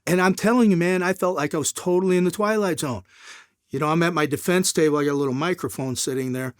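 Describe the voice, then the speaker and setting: A middle-aged man telling a long story as an interview guest, in a casual, animated way, acting out the people in it. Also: a little high, fast talker, clear, resonant tone, no echo, clean studio sound.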